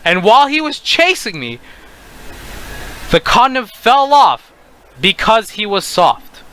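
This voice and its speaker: A young man telling a casual storytime, animated and profane, with faint music behind him. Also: high voice, slow pace, a little hiss or hum.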